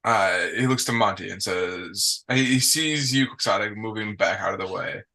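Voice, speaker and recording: A man running a tabletop game as game master, narrating in a slow, relaxed way with many fillers. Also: lowish voice.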